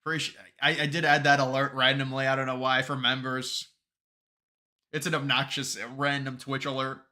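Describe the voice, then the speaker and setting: Bright-voiced man chatting on a live stream. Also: mid-range voice, flat delivery, normal speed. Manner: rambling, restarts sentences, reads chat aloud. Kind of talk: casual live-stream chat with viewers.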